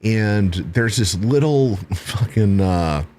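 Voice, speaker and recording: A man hosting a talk show, telling a bar story in casual, profane, animated speech. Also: on the low side, slow, a little hiss or hum.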